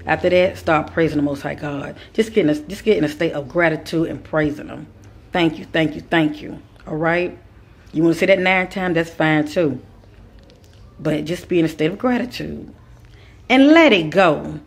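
A woman's voice: low-pitched, moderate pace, gravelly, slightly rough. A woman giving a spiritual advice monologue, speaking with a repetitive, preacher-like cadence and calling her listeners kings and queens. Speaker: spiritual teacher.

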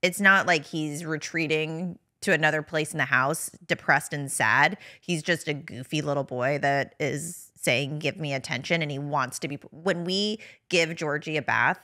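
Podcast co-host: woman, thirties, lowish and bright, casual and laughing. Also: moderate pace, hardly any pauses. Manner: warm, laughs often, affectionate storytelling. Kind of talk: casual chat.

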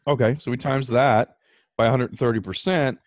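A man's voice: mid-range voice, brisk, a little hiss or hum. A man hosting a podcast, explaining finance numbers in a casual, emphatic way. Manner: animated, emphatic, talks through numbers. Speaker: podcast host.

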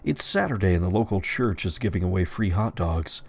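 A man with a lowish voice reading crude, profane stories aloud in a deadpan way. His pitch still moves around a good deal as he tells them. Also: a little fast, gravelly, breathy edge. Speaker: storyteller.

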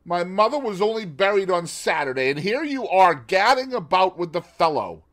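A man voicing a proud, angry middle-aged English husband who bursts out loudly. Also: sits high, very animated, moderate pace, pitched above the performer's own voice. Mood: indignant. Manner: loud, indignant outbursts.

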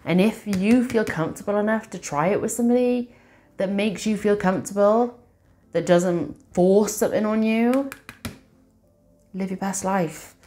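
A woman's voice: mid-range voice, normal speed, dark tone. A woman doing a tarot reading, reading affirmations aloud in an emotional, encouraging way. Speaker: tarot reader.

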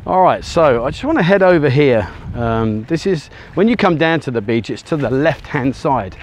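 A man's voice: mid-range voice, animated, moderate pace. A man vlogging casually as he walks along a beach, talking to a handheld camera in a rambling way full of ums and uhs, a little out of breath. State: out of breath from walking on sand. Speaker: travel vlogger. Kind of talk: casual walking vlog to camera. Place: outdoors on a sunny beach. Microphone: handheld camera he turns around.

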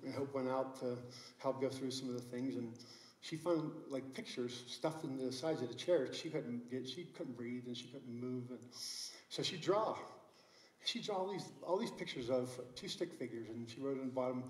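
A man's voice: mid-range voice, moderate pace, reverberant, low-quality recording. A middle-aged man preaching a sermon as pastor, telling a story earnestly with many restarts. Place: church sanctuary.

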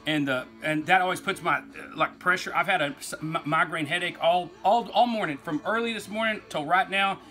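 A man's voice: high-pitched, brisk, hardly any pauses, bright, forceful tone, soft background music. A man with an East Texas accent, hosting a toy collecting vlog in a folksy, rambling way. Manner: rambling, folksy, says y'all, laughs easily. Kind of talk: casual rambling toy talk.

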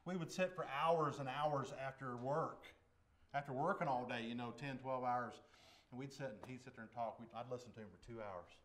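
A man's voice: medium pitch, moderate pace. Folksy man preaching his testimony. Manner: folksy storytelling, swings from hushed to sudden loud bursts. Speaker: lay preacher giving testimony. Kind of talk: testimony sermon. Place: church service.

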